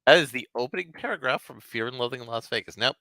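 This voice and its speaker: Male host, low pitch with a crisp bright edge, relaxed demonstrating tone, dry sound. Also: fast, no room sound. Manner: relaxed, showing a tool step by step. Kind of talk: casual conversation.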